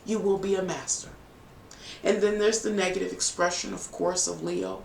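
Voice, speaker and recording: Speaking at a moderate pace with a steady tone, medium pitch, and vocal fry, a tarot reader offers viewers a casual, emotional reading. It's emphatic and rambling, full of fillers, and the audio is echoey and faintly noisy, with the voice far from the mic.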